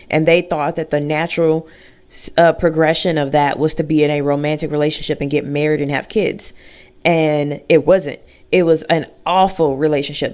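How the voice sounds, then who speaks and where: A woman's voice: sits low, a little mellow. Woman rambling candidly to her camera, easygoing chat. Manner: chatty, candid, talks to her dog mid-story. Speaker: vlogger.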